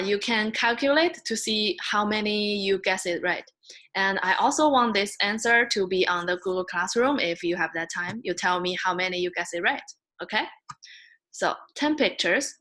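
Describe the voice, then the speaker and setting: Woman, very slow patient teacher, drawn-out drilled syllables, beginner lesson. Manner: patient, drawn-out, models sounds loudly and high. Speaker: Mandarin teacher.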